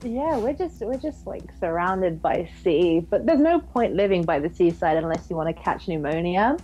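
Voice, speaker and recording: A woman's voice: lowish voice, expressive, moderate pace, dark tone, lo-fi sound, soft background music. A woman with an English accent, chatting casually as a podcast guest, joking and laughing often. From England. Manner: chatty, giggly, self-deprecating.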